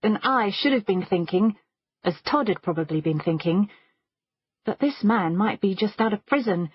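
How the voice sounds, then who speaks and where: A woman narrates a first-person thriller audiobook in a measured storytelling manner. Her voice is husky and mid-pitched. The recording is dry and slightly dull. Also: expressive, no room sound.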